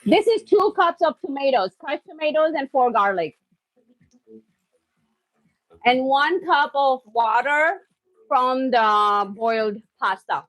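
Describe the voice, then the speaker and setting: A woman hosting a live cooking stream from her home kitchen, excitable and loud, often laughing at herself as she chats with viewers. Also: high voice, slow pace, pauses often, no echo.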